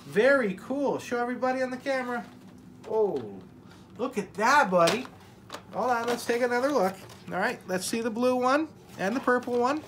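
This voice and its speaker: A woman's voice: a little high, moderate pace, slight background noise. An American woman hosting a casual family unboxing vlog at home, upbeat and exclaiming as she coaxes a child along. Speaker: family vlogger.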